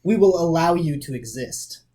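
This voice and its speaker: A tabletop player argues in character, sharp and indignant. The voice swings widely in pitch, with a middling register. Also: animated, normal speed, background noise. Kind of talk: in-character role-play and table chat.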